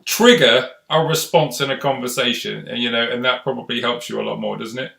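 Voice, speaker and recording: Chatty guy hosting a live stream, encouraging, kinda bright, roomy echo. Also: medium pitch, fairly quick, vocal fry. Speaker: host. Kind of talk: casual live-stream chat.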